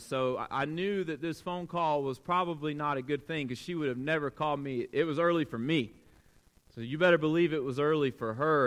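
A pastor in the pulpit, a man with a voice set a bit high for a man. He tells his story earnestly, dropping to near-hushed lines and then rising to emphatic peaks. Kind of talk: sermon with personal story.

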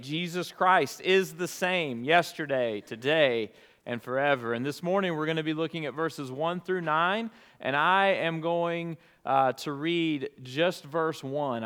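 A man's voice: fairly high pitch, clean tone. A middle-aged man from Alabama, a pastor giving an earnest, conversational sermon. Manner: earnest, conversational preaching, hushed in prayer.

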